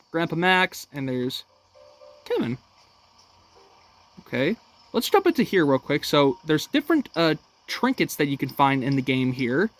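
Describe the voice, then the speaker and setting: A young man narrates a game walkthrough in an easy, upbeat manner, describing each step as he goes. His pitch swings up and down freely as he talks. He sounds relaxed and casual, as if chatting with viewers from home. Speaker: gaming channel host.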